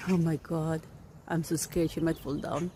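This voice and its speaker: A woman's voice: sits low, little pitch movement, moderate pace, mellow. A woman, filming her cat outdoors and anxiously coaxing it down from a tree. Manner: worried, coaxing her cat with repeated calls. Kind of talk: casual vlog narration. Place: outdoors near a tree with crows. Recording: outdoor phone recording with crow noise. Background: crows cawing and outdoor ambience.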